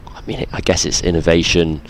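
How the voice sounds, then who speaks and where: A man with a low voice offers dry, wry analysis alongside the main caller in a live cricket broadcast. Faint outdoor noise hangs behind him. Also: steady tone, a little fast, vocal fry. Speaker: cricket co-commentator.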